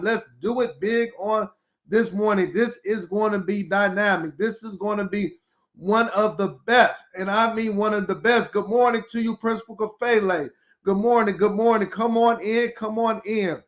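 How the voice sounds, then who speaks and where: A middle-aged man with a fairly high voice hosts a live podcast, greeting viewers by name one after another. He talks with energy and repeats himself to pump up the audience. The audio is slightly dull and lo-fi. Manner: energetic, repetitive, hypes the audience. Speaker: podcast host, school turnaround specialist.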